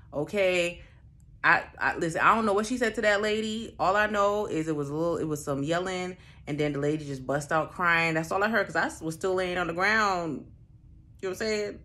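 A young woman with a lowish voice tells a wild personal story, full of swearing and quick acted-out exchanges. Her delivery is loose and animated, in an unscripted, conversational style. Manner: animated, profane, acts out the people in her story. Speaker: storyteller host. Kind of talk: casual chat.

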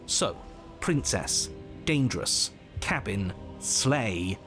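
A man's voice: on the low side, very animated, drawn-out words, exaggerated voice. A man voicing the stern, exasperated narrator of a horror game, speaking dryly and with command. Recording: game audio with loud music behind.

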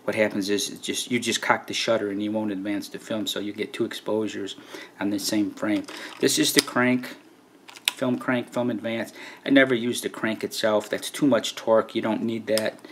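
A man with a fairly low voice talks through a camera's features in a relaxed, chatty way, often tossing in "right?" and "okay". A faint hiss sits under the recording. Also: normal speed. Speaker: camera reviewer. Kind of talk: casual hands-on camera walkthrough.

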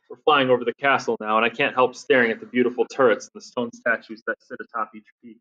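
A man reads a children's fantasy novel in first person, with lively, expressive narration. His voice sits at an average pitch. The recording is dull and muffled, like lo-fi audio. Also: fast, hardly any pauses.

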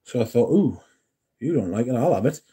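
A man hosting a casual livestream, reading and answering chat in a relaxed, yawning way. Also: medium pitch, brisk, slightly rough. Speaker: livestream host.

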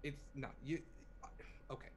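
A man's voice: unhurried, natural voice. A man voicing a short-tempered small male boss who blusters and rambles. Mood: blustering.

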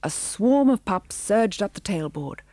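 A woman narrating a children's storybook audiobook with a measured, expressive reading. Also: medium pitch, dry recording, clean studio sound.

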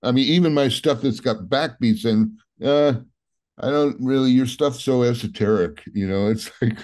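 A man in his seventies, a guest musician chatting casually in an interview, rambling along with lots of "you know" and soft laughs. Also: mid-range voice, moderate pace. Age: 70s.

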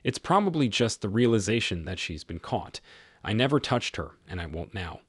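A man voicing a cold, stern husband confronting his cheating wife, in a measured tone. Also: on the low side, big pitch swings, husky, no room sound, clean studio sound. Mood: threatening.

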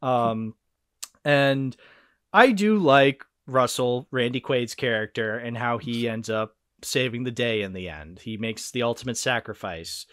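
A man's voice: mid-range voice, a little slow, no echo. A man in casual podcast chat, recorded dry and close with no room sound. He talks in an easy middle register, tumbling through his points with restarts and curse words. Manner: animated, swearing, quoting film lines in put-on voices. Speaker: podcast host.

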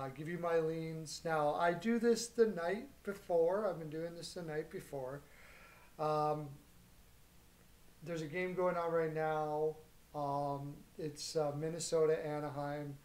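A man's voice: a little high, a little mellow. A man hosting his own sports betting show, talking in a loose, rambling way full of fillers and restarts. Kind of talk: casual rambling commentary.

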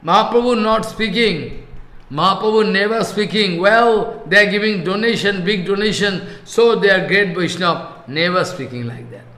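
High, bright-voiced man lecturing in an echoey room. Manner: halting and repetitive, slowly chanting verses. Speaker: spiritual teacher. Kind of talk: scripture class lecture.

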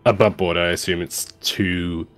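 A man's voice: deep voice, steady tone, unhurried, a bit bright, dry recording, soft background music. A man taking part as a player in a tabletop role-playing game over a voice call, speaking hesitantly with many ums and restarts.

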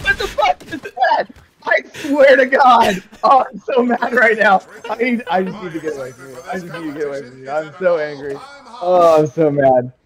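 High-voiced man ranting furiously. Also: lively intonation, brisk, fairly bright tone. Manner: angry swearing rant, laughing through it. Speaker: streamer. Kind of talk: livestream reaction.

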